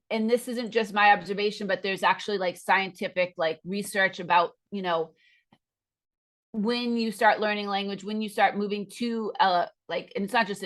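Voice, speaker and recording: A woman's voice: medium pitch, fairly bright tone. An American woman who teaches English, explaining things in an enthusiastic, chatty way during a casual video call conversation. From United States.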